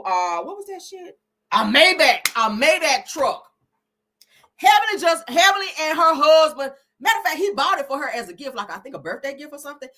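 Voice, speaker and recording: A brash woman hosting a gossip live stream, her husky voice bright and forceful, swinging up and down in lively pitch. She is profane and quick to laugh, and she keeps calling out to her viewers. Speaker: host. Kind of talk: casual gossip commentary.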